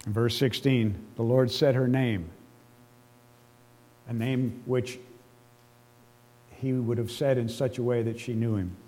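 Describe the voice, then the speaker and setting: A man's voice: mid-range voice, fairly even intonation, slow, long pauses, warm tone. A man preaching a sermon, explaining scripture earnestly and emotionally, with casual asides to his listeners. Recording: long reverb of a large hall.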